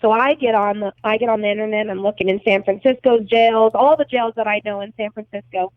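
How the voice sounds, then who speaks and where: A woman's voice: medium pitch, steady tone, a little fast, no room sound. A young adult woman recounting events as a podcast guest, blunt and agitated, swearing heavily. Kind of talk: emotional storytelling interview. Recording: tinny phone-like line, dry.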